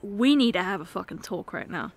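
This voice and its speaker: A woman in a whispered role-play as a girlfriend, talking softly and earnestly, swinging between hushed pleading and sharp, swearing exasperation. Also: mid-range voice, animated, brisk. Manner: swears when frustrated. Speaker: ASMR role-play performer.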